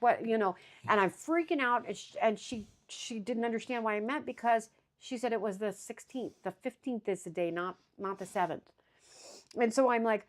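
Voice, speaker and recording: A woman's voice: fairly high pitch, moderate pace. Candid, worried woman co-host. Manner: candid, worried, acts out her own thoughts. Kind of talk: casual chat.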